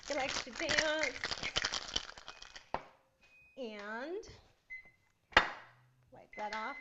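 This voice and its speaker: A woman's voice: sits high, big pitch swings, very slow, long pauses, heavy background noise. A woman from Northern California hosting a casual live cooking demo, chatty and giggly and laughing often. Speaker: host of a cooking show.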